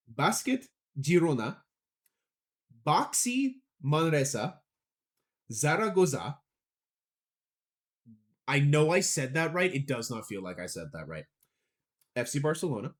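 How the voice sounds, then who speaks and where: Young male podcast co-host, slightly high voice, rambling self-deprecating delivery. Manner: chatty, rambling, self-deprecating about pronunciation. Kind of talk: casual sports podcast chat.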